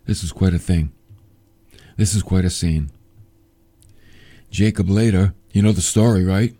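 A man's voice: low-pitched, a little slow, mellow. A man teaching a Bible lesson in a chatty, joking way, reading scripture aloud and adding his own asides. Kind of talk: casual Bible storytelling.

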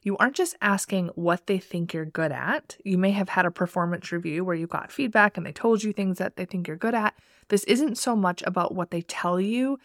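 A woman podcast host and career coach delivers a scripted intro and solo talk in a medium-pitched, slightly bright voice. She speaks directly with upbeat motivation, and the studio-quality recording has no room sound.

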